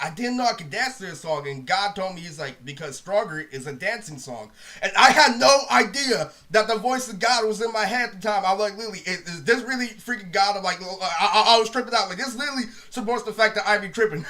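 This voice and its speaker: A young man telling a rambling, profane storytime monologue, saying "literally" constantly and dropping his voice low to quote other people. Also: bright, forceful tone. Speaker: storyteller vlogger.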